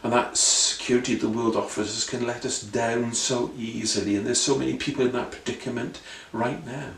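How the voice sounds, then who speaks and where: A man's voice: medium pitch, fairly even intonation, moderate pace, gravelly, far from the mic, slight background noise. Earnest male preacher, roomy sound. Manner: earnest, questioning, repetitive rhetorical preaching. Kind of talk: sermon.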